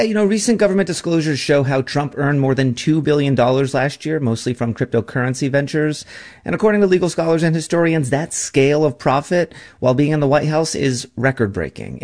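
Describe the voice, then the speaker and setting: A male correspondent explains a news story during a radio interview. His delivery is measured and factual, in a mid-range voice. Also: mid-range voice, darkish tone. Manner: measured, reportorial.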